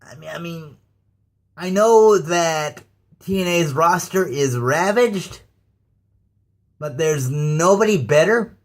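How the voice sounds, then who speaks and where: A man ranting casually to his viewers about wrestling, halting and stammering with many fillers. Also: a little high. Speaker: YouTube ranter. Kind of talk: casual rant to camera.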